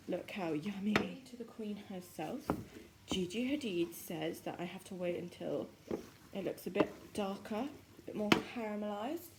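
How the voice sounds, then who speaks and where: A woman's voice: on the low side, background noise. Bubbly young British woman rambling in the kitchen. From Britain. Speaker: vlogger. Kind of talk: casual cooking vlog chat. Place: home kitchen.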